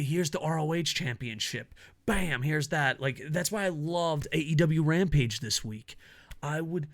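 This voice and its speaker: A man hosting his own wrestling commentary show, ranting casually with lots of swearing, laughter and excitable asides. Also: fairly high pitch. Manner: profane, excitable, laughs a lot. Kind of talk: casual opinion rant.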